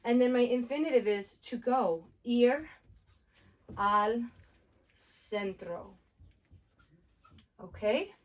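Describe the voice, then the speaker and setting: A woman's voice: fairly high pitch, takes it slowly, pauses often, far from the mic. A woman Spanish teacher giving a casual recorded lesson, explaining grammar step by step with many fillers.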